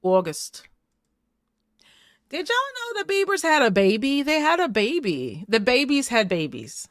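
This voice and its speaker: A woman's voice: a little high, sing-song, measured pace, no echo, clean studio sound. A woman hosting a casual recap show, chatty and playful, laughing often as she talks. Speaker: host.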